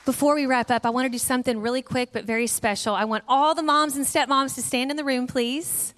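A middle-aged woman giving a sermon, telling a family story in a lively way and acting out voices. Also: sits high, fast. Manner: animated storyteller, acts out voices. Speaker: guest speaker. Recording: long hall reverb.

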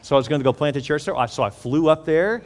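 A man from Houston, Texas preaches to his congregation, telling a story in a rapid, animated voice. He acts out the lines of the people in it. His voice rings with a long echo through a large church hall. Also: fairly high pitch. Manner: animated, acts out quoted dialogue. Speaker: pastor. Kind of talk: storytelling sermon.

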